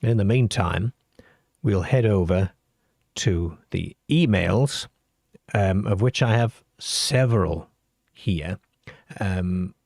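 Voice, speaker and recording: A man hosting a late-night call-in radio show, talking in a slow, measured way with plenty of fillers. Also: low-pitched, gravelly, darkish tone, no room sound, clean studio sound.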